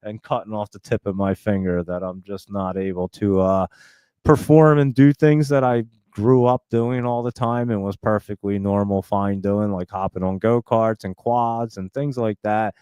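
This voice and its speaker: A man's voice: fairly low pitch, steady tone, normal speed, dark tone, clean tone, dry recording. A man hosting a live stock trading stream, chatting in a loose, rambling way with casual swearing and plenty of fillers.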